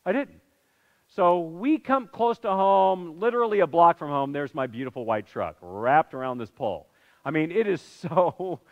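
A middle-aged man preaching through a personal story, swinging between loud bursts and hushed, low lines. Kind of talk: sermon storytelling. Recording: reverberant hall, dull sound.

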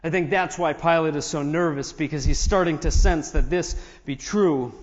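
A man's voice: on the high side, moderate pace, hardly any pauses. A man preaching as pastor, reading scripture aloud and explaining it in asides between the verses. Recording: dull audio with long reverb in a large hall.

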